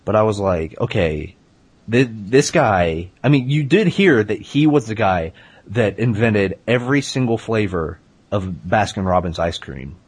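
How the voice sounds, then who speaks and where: A man hosting a casual comedy chat, rambling through deadpan tall tales with lots of hesitant fillers. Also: fairly low pitch, measured pace, breathy edge. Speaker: podcast host.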